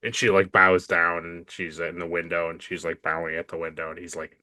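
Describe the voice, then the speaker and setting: A man co-hosting a casual podcast chat, retelling scenes quickly and with animation. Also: deep voice, monotone, sharp tone, no room sound. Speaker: podcast co-host.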